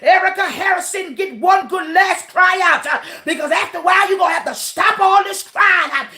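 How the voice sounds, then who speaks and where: A woman pastor, preaching a livestreamed sermon, often shouting and punctuating her lines with "uh" and "huh". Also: very high-pitched, normal speed. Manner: shouting, preaching with rising intensity and "uh" and "huh" fillers.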